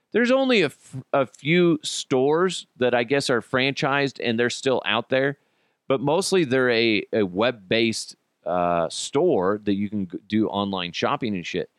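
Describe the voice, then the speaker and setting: A man's voice: medium pitch, a bit bright, no echo, clean studio sound. A man from Colorado hosting a podcast, ranting in a casual, sarcastic and profane way and laughing at his own jokes. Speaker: podcast host.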